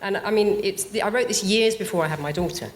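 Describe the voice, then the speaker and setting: A woman's voice: mid-range voice, fast, slight background noise. A woman playwright appearing as a guest on a live podcast, explaining her ideas thoughtfully. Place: live theatre stage.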